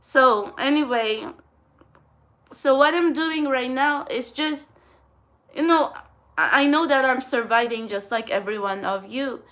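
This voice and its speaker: In an unhurried, slightly bright voice that sits high, a young adult spiritual channel host talks to viewers while getting ready on camera. She's casual, blunt, rambling, and swears frequently.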